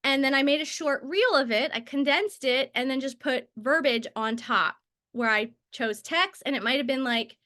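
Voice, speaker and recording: A woman in her thirties teaches a casual session, running off on tangents and filling gaps with "like" and "um". Her voice sits high and comes across bright and forceful. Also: normal speed. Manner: chatty, tangents and filler words. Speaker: network marketing trainer. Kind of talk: casual training talk.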